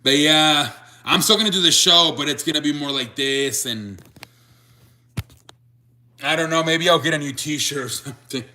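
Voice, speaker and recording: A young man hosting a sports stream, talking loosely to his chat with lots of restarts. His voice sits a bit high and sounds bright and forceful. He keeps it casual and unscripted. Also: moderate pace, pauses often. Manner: rambling, restarts, reads chat aloud. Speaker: sports show host.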